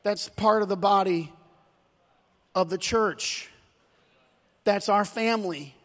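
In a church sanctuary, a male pastor preaches slowly in a voice pitched very high for a man. He moves between ringing, shouted climaxes and low, confiding asides, with long hall reverb trailing each phrase.

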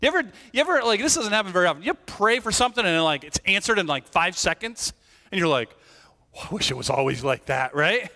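A man's voice: high-pitched, animated, fairly quick, sharp tone. Conversational male pastor in a reverberant hall. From Irish family background. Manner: conversational, tag questions, many restarts. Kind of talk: sermon. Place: church sanctuary. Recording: church hall with long reverb.

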